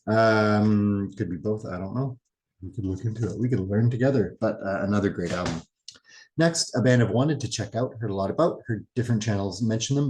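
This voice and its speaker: A man casually showing off a record haul in a vlog, relaxed and rambling with musing asides. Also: fairly low pitch, low-quality recording. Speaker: record collecting vlogger. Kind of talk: casual show-and-tell vlog.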